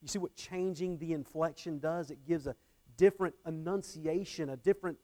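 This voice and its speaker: A man's voice: fairly high pitch, brisk, warm tone. Earnest man preaching a sermon. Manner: earnest, repeats phrases, varies emphasis. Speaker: pastor.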